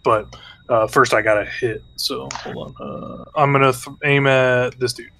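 A man at a tabletop game talks casually in a middle-pitched voice, swearing freely as he works through his rolls aloud. Faint music sits quietly behind him. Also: steady tone, normal speed, dry recording. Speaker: player.

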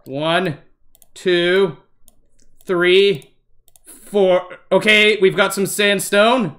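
A man hosting a let's-play gaming commentary, excitable and easily startled, narrating every move and talking to viewers as "guys". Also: high voice, very slow. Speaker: gaming channel host.

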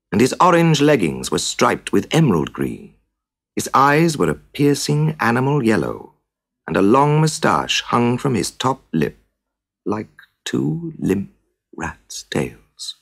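A man tells a classic children's story in a low, gravelly voice with a husky grain. He narrates with dramatic, deliberate pacing and swings widely in pitch.

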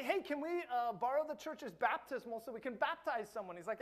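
Man, middle-aged, pastor, sermon, earnest, emphatic, goes quiet and slow on key lines. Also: very high voice, expressive. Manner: earnest, emphatic preaching that drops soft for key points.

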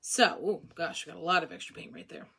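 A woman's voice: lowish voice, fast, gravelly, slightly rough, poor audio. A woman chatting casually while she crafts, rambling from one topic to another and laughing often. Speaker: craft vlogger. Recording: loud hair dryer noise.

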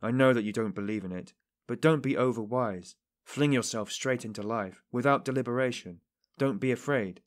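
A man's voice: medium pitch, normal speed, close to an everyday voice. A man voicing an earnest middle-aged police investigator who pleads fervently with a suspect in an audiobook.

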